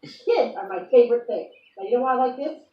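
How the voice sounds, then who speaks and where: Chatty high-voiced woman, roomy and distant. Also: animated, quick pace. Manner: chatty, rambling, playful and self-amused. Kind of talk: improvised monologue in the persona of a star sign. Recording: echoey room, from far off, dull lo-fi sound, faint noise.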